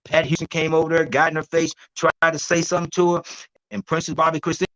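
A man with a notably high voice tells stories with lively energy. He laughs often and acts out the voices of other people. He swings between loud bursts and low, quiet asides. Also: fast talker, no room sound, rough recording. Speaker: guest herbalist. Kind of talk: animated storytelling interview.

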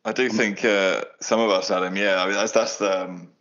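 A man's voice: fairly low pitch, steady tone, fairly quick, a bit bright, muffled recording. A man in rambling, laughing football banter with lots of fillers. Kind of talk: casual football chat.

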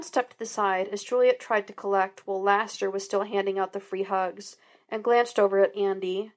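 A woman narrating a story as a podfic reader, in a steady, even reading voice. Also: mid-range voice, moderate pace. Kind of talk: audiobook narration.

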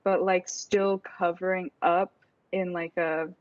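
A woman's voice: on the low side, little pitch movement, takes it slowly, no echo. Giggly woman guest, dull lo-fi sound. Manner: giggly, rambling with many fillers. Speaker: podcast guest. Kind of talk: casual chat. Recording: slightly dull lo-fi audio.

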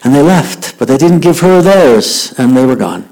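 A man's voice: mid-range voice, lively intonation, normal speed, vocal fry, darkish tone, rough recording. A middle-aged man telling stories in a devotional youth talk, acting out the voices of the people he quotes.

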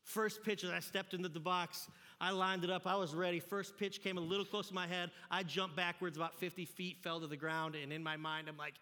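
A man preaches to a youth group in a high, bright voice. He tells his story in an animated, joking way and acts out each scene. The sound carries the long reverb of a church hall. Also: brisk. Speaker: youth pastor. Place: church sanctuary.

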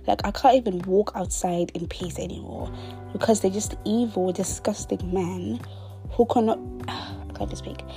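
A young woman in her twenties spins a casual storytime in a mellow, warm voice, chatty and dramatic, slipping into hushed whispered asides. Her pitch sits in an everyday middle range, and soft music plays faintly behind her. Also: normal speed. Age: 20s. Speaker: vlogger.

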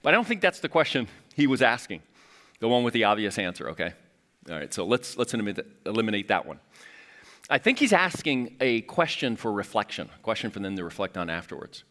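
A man preaching a sermon as lead pastor, his voice bright and forward. He talks in a conversational way, correcting himself as he goes. His pitch swings up and down freely, and he slips into quoted voices with light laughs. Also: big pitch swings, fairly quick.

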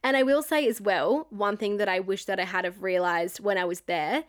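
A woman's voice: medium pitch, moderate pace. A young woman telling a personal story to camera in a candid, chatty way, with lots of "like" and some swearing. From Australia. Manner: chatty and candid, heavy use of "like", frequent swearing. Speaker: vlogger. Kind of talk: storytime monologue.

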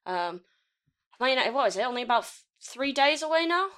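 A woman's voice: high voice, big pitch swings, brisk, a bit bright. A woman co-hosting a casual podcast chat, rambling and laughing often as she talks. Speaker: podcast co-host.

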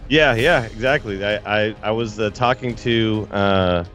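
A man's voice: fairly low pitch, measured pace, a bit bright, faint music behind. A man co-hosting a podcast, laid-back and teasing, laughing often. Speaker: podcast co-host. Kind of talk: casual chat.

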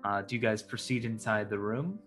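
A man narrating as game master of a tabletop game, relaxed and halting, with many fillers. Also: lowish voice, soft background music.

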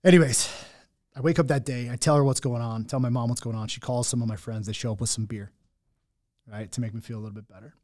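A man's voice: medium pitch, fairly even intonation, quick pace, a little mellow. A young man telling his own hard story in candid talk, blunt and full of swearing and restarts. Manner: raw, blunt, swears often, many restarts.

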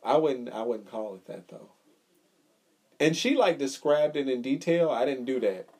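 A man's voice: medium pitch, animated, moderate pace, a little mellow, slightly rough. A man co-hosting a casual podcast chat, telling a story with swearing and acting out the quotes. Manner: storytelling, profane, acts out quotes. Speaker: podcast co-host.

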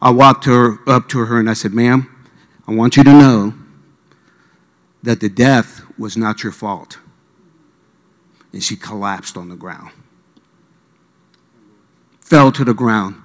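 A man from Miami tells a sermon story, acting out each voice in the scene. His mid-pitched voice carries a long reverb from a large hall. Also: slow, long pauses. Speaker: preacher.

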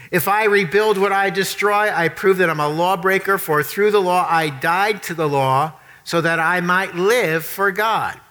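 Middle-aged guy pastor preaching, high bright voice, folksy jokey stories. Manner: folksy storytelling with jokes. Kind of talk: sermon.

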